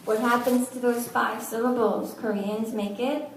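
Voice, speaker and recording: A woman's voice: on the high side, fairly even intonation, unhurried, background noise. A woman teaching a language class, patiently sounding out words syllable by syllable with good-humored asides. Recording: echoey room, from far off.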